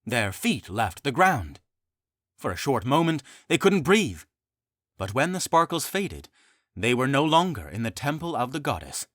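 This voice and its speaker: A man narrating his own fantasy comedy audiobook in an expressive, animated way. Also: mid-range voice, measured pace, dry recording, clean studio sound.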